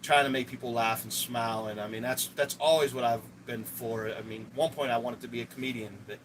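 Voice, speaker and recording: A man's voice: mid-range voice, steady tone, a little fast, a bit bright, slight background noise, low-quality recording. A man chatting casually to viewers on a live stream, rambling with lots of restarts and fillers.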